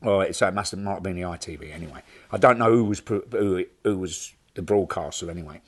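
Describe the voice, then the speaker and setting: An older man telling an animated, laughing anecdote as an interview guest. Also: low voice, fast talker. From London. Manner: animated, laughing, acts out other people's voices. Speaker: interview guest, rock drummer. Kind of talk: anecdotal storytelling.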